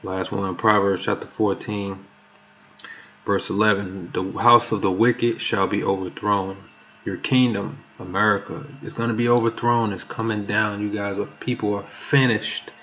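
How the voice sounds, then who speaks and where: A man's voice: on the low side, flat delivery, measured pace, pushed and bright, a little hiss or hum. A man preaching a sermon who reads verses aloud with emphasis and stumbles over words now and then. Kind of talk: sermon with scripture reading. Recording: muffled lo-fi recording.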